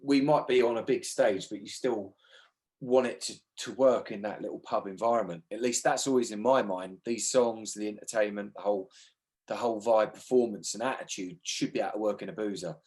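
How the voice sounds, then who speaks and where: A man with a London accent, a band's lead singer, chatting in a casual radio interview, lively and swearing freely. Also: lowish voice, brisk. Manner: animated, swears freely, acts out quoted voices.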